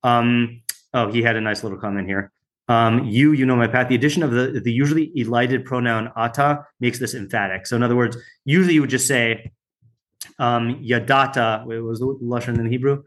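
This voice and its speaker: A man with a medium-pitched, slightly bright voice leads a weekly Bible study class. He reads translations aloud, pausing often with fillers and side remarks.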